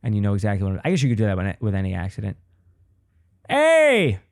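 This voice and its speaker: A man's voice: lowish voice, rapid-fire, warm tone. A man hosting his own podcast, delivering a rambling, profane comedic monologue.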